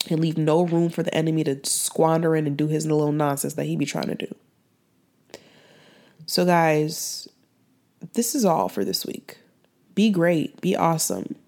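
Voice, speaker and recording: A woman's voice: fairly low pitch, gravelly, a little mellow. A young woman hosting a faith-based podcast, talking in an earnest, heartfelt way that rambles and restarts. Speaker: podcast host.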